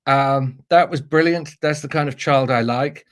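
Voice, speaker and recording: A British man, a storyteller, telling funny anecdotes in a playful, animated way during a casual interview. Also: mid-range voice, a little slow. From Britain. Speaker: storyteller guest.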